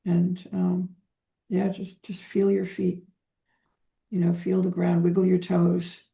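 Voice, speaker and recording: A woman guest, a psychotherapist, talking in a reflective, hesitant way with frequent pauses and ums during a spiritual interview. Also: on the low side, completely flat delivery, creaky, dark tone.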